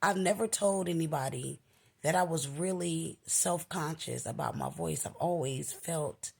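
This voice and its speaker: A married woman with a scratchy voice tells a personal story in a casual vlog, jumping up high in pitch when she quotes herself. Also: unhurried, creaky, slightly rough. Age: adult, married. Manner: animated, jumps up high when quoting herself. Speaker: vlogger.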